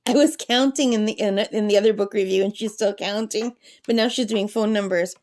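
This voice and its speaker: A woman's voice: mid-range voice, a little fast, a little mellow. A woman hosting her own craft channel, chatting enthusiastically through an art book review and talking to her pet parrot. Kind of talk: casual book review vlog. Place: at a campsite.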